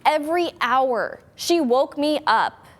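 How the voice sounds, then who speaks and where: A young woman co-hosting a casual weather chat show, telling stories about her dog in a chatty, animated way. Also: high voice, takes it slowly, long reverb tail. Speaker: meteorologist co-host.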